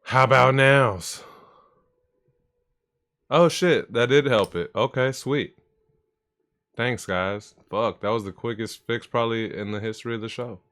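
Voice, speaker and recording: A man hosting a livestream show in casual chat, loud and profane, shouting greetings to his chat into a desk microphone. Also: medium pitch, a little slow, long pauses. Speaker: livestream host. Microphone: desk microphone for streaming.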